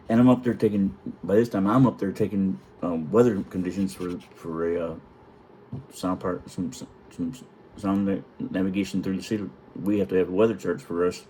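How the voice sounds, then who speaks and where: A middle-aged man, a retired Navy chief, telling profane, chuckling stories in a casual vlog and clearing his throat now and then. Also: deep voice, fairly even intonation, moderate pace, dark tone, a little hiss or hum. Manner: profane, chuckling, rambling anecdotes.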